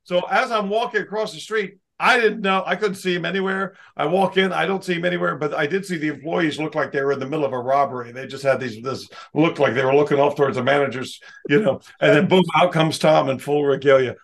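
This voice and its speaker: A man, a magician, telling lively anecdotes as an interview guest. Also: fairly high pitch, vocal fry. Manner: lively, doing quick voices for others. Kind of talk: anecdotal storytelling.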